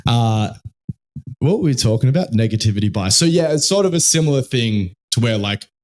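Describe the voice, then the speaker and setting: A man's voice: mid-range voice, expressive, fairly quick, darkish tone. An Australian man co-hosting a podcast in loose, casual chat, swearing freely and full of fillers and restarts. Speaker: podcast co-host.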